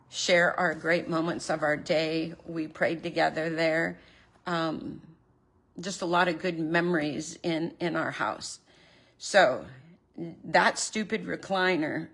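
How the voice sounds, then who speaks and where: A woman's voice: low voice, gravelly, a bit bright. A woman speaking earnestly and openly emotional in a personal confessional vlog, recorded at home in her living room. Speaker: vlogger.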